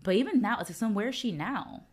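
A woman co-hosting a podcast, recapping episodes in casual chat, animated and laughing often. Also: fairly high pitch, fast, breathy edge. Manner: animated, laughs often, acts out characters' lines. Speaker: podcast co-host.

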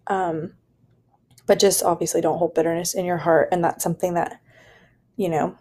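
A woman's voice: fairly low pitch, level tone, moderate pace, a little mellow. A young woman hosting a solo podcast, talking in an earnest, rambling way with lots of "like" and "you know". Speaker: podcast host. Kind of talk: casual solo podcast monologue.

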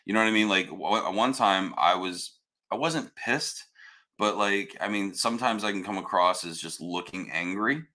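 A man talking loudly and bluntly in casual chat, cursing freely and restarting his sentences often. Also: on the low side, normal speed. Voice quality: hard of hearing. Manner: loud, blunt, swears freely, many restarts.

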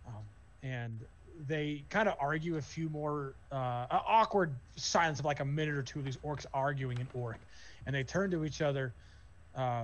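A man's voice: on the high side, moderate pace. A man narrating as game master, casual and full of fillers. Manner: loose, filler-heavy narration.

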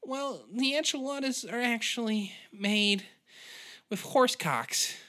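Guy putting on a squeaky stammery waitress lady, giggly and crude. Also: lively intonation, slow pace, pushed and bright, exaggerated voice. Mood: crude gleeful. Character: nervous female restaurant staffer, stammering then crude. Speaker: comedy podcast skit character.

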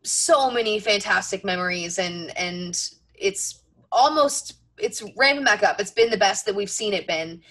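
Casual sports chat comes from this twenty-something co-host of a racing talk show, who pokes fun at herself and restarts often. She speaks in a mid-range, slightly bright voice, a little slowly.

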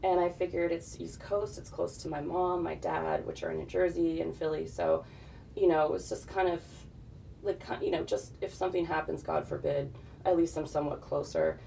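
A woman in her forties talks casually as an interview guest, rambling in long, easygoing sentences. Her voice sits low, with heavy vocal fry and a dark tone. She sounds a little distant from the mic, with faint background noise. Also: normal speed. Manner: chatty, relaxed, talks in long run-on thoughts. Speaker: guest, fitness model and author.

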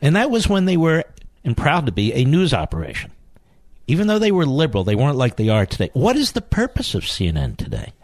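A man's voice: medium pitch, huge pitch swings, quick pace, no room sound. A man hosting a political talk radio show, emphatic and indignant, firing rhetorical questions.

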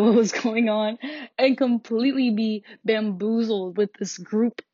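A teenage girl rants about her school day, frustrated and sarcastic, swearing freely and laughing in between. Her voice sits at a middling pitch. The recording is a bit muffled and dry, with no room sound. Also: darkish tone, no room sound. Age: teens. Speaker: high school student. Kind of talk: venting rant to camera.

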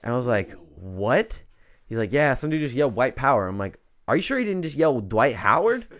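Laid-back young man, smooth voice. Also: medium pitch, fairly quick. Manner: laid-back, slangy, animated when telling a story. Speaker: podcast co-host. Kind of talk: casual chat, storytelling. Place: home podcast studio.

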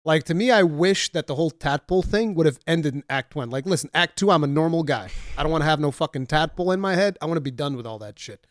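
A man chats about games on a podcast, in a fairly high voice recorded close and dry. He tells stories with animated energy and swears freely. His talk stays loose and casual. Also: quick pace, few pauses, no echo. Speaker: podcast co-host or guest. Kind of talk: casual gaming chat.

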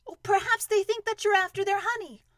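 A woman voicing a kind, sensible little boy in a storybook reading, speaking patiently and gently. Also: extremely high pitch, steady tone, fairly quick, no echo, studio quality, pitched above the performer's own voice. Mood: gentle.

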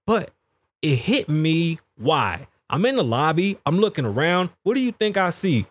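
A man in his thirties hosting a podcast, telling a story in a profane, animated way and acting out the people he quotes. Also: fairly high pitch, normal speed. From United States. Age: 30s. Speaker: podcast host. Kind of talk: casual storytelling monologue. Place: podcast studio.

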